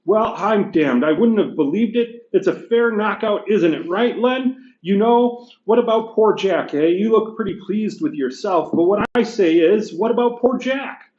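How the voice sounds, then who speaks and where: A self-righteous male ghost rants in a high, pushed voice, as a man reading aloud puts him on. He sounds aggrieved and loud. The reading rings in a roomy space with a dull, lo-fi tone. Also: lively intonation, measured pace, few pauses. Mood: indignant. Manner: loud, aggrieved, rising pitch. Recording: echoey room, dull lo-fi sound.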